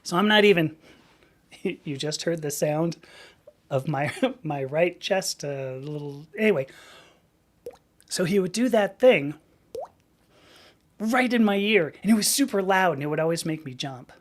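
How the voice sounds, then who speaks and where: A woman's voice: on the low side, expressive, unhurried, pauses often. A woman hosting a live stream, chatting casually in a rambling way and laughing often.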